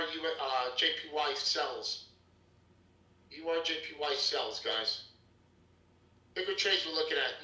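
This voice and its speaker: A man's voice: a little high, reverberant, low-quality recording. A man hosting a live trading room, talking energetically and calling out to his viewers. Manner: energetic, salesy, calls out to viewers.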